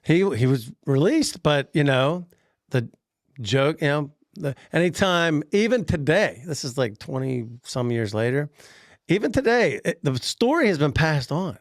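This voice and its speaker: A man on a podcast telling a workplace story in casual chat, animated, laughing often and acting out the people he quotes. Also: fairly high pitch, unhurried, dry recording, studio quality. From Pennsylvania.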